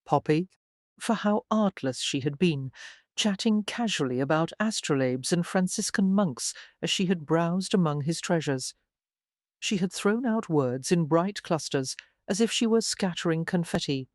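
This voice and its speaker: A woman's voice: lowish voice, animated, a little slow, darkish tone, no echo. Woman narrating a romance audiobook, dry sound. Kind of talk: scripted narration.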